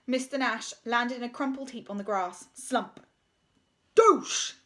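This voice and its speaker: A woman's voice: on the high side, moderate pace, fairly bright tone. A woman reading a children's story aloud, playful, adding spoken sound effects and asides.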